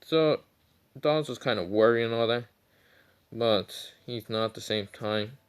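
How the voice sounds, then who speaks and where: A man's voice: medium pitch, unhurried, smooth. Guy rambling thru a fan story, lots of uhs, swears a bit, normal voice. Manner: rambling, many fillers, swearing. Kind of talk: casual fan-fiction retelling.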